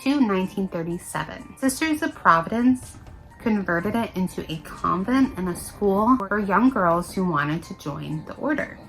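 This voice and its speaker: Hushed, slightly breathless woman vlogger. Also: rough recording. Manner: deliberately hushed, low-volume delivery. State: a little out of breath. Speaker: paranormal YouTuber host. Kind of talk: casual vlog storytelling.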